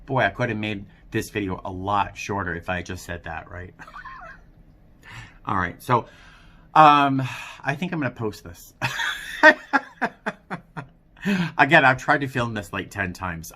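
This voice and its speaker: A man talking earnestly and self-critically in a personal vlog, speaking softly. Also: fairly low pitch, big pitch swings, a little slow, pauses often. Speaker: vlogger.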